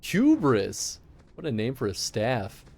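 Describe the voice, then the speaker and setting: A man's voice: medium pitch, huge pitch swings, takes it slowly, a little mellow. Chatty Chicago-accented man. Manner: rambling, chatty, laughs often. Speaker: streamer. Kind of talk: casual live-stream chat.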